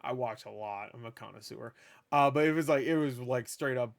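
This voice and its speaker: A man's voice: mid-range voice, a little fast, gravelly. A man ranting through a casual film review in a profane, sarcastic, rambling way, recorded at a table indoors. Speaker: movie reviewer.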